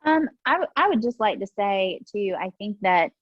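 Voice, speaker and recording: An earnest woman in her forties talks over a video call with a husky, slightly breathy voice. The sound is dry and dull, like lo-fi call audio. She often laughs lightly and fills her pauses with ums. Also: mid-range voice, animated, no echo. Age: 40s. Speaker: panelist. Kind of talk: casual video call discussion.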